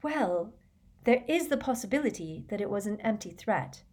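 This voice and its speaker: A woman voicing a clever, cautious teenage girl in a storybook reading, with a soft, thoughtful delivery. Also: mid-range voice, lively intonation, normal speed, pitched above the performer's own voice, close to an everyday voice. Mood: hesitant.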